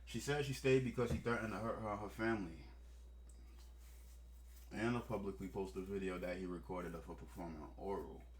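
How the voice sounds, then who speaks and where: A man's voice: low voice, steady tone, moderate pace. A man hosting a casual reaction commentary, joking and swearing in blunt asides. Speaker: commentary host.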